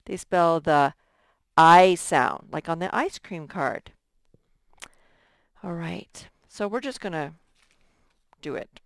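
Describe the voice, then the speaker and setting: A woman's voice: fairly low pitch, slow pace, vocal fry, long pauses, dry recording, studio quality. A woman teaching a recorded first grade lesson, patiently sounding out letters and stretching words for young students.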